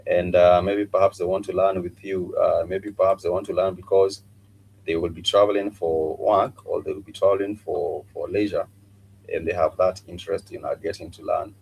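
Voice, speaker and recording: A middle-aged man teaching a live-streamed language lesson, patiently repeating each phrase slowly with many filler sounds. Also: deep voice, level tone, vocal fry, a little mellow, slightly rough, low-quality recording. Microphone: streaming mic.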